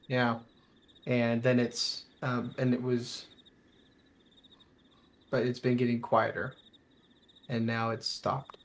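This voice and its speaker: A man's voice: mid-range voice, monotone, slow pace, long pauses, slight background noise. Rambling male game master. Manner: loose, rambling narration with frequent fillers. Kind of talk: narrating a tabletop game.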